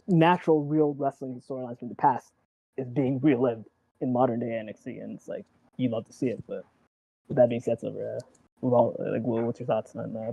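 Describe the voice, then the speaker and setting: A man in casual chat about wrestling, rambling and excitable, acting out quotes and swearing. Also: mid-range voice, vocal fry, no echo, lo-fi sound. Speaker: wrestling show co-host.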